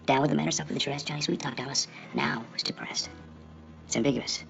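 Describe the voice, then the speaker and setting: A man's voice: on the high side, fairly even intonation, racing, vocal fry. An actor playing a sly, mocking card-playing boss who toys with a man who owes him money, in a film. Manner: sly, mocking, rambling, wordplay. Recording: dull film soundtrack with faint music.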